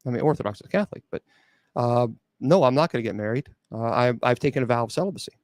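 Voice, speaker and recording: A fast-talking middle-aged man with a medium-pitched, slightly mellow voice and lively intonation hosts a live call-in show as an exorcist bishop, recorded in studio quality without echo. He answers chat bluntly and sarcastically, mimicking doubters' voices to mock them, with many restarts and filler sounds.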